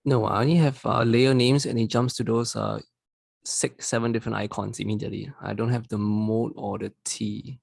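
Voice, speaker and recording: A man in an online class asks the instructor for help, hesitating and filling gaps. His voice is low and gravelly with a dry sound. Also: flat delivery, darkish tone, no echo. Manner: hesitant, halting with fillers. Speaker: workshop participant. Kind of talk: asking a question on a call.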